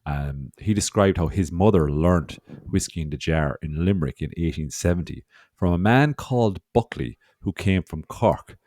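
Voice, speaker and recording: A man's voice: low voice, animated, moderate pace, hardly any pauses, a little mellow, no room sound, clean studio sound. A man co-hosting a podcast in casual chat, loose and teasing, swearing freely. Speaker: podcast co-host.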